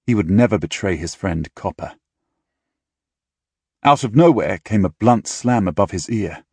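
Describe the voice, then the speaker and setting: A man reading an audiobook in measured, dramatic storytelling style, close to a studio mic. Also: lowish voice, lively intonation, a little mellow, slightly rough, no room sound. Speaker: audiobook narrator. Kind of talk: scripted audiobook narration.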